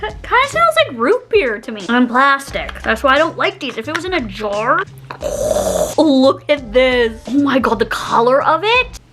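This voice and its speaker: A young woman chatting casually as she unboxes and taste-tests snacks, giggling often and gushing with excitement. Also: high voice, normal speed, soft background music. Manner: giggly, gushing, lots of exclamations. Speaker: YouTuber taste-testing snacks.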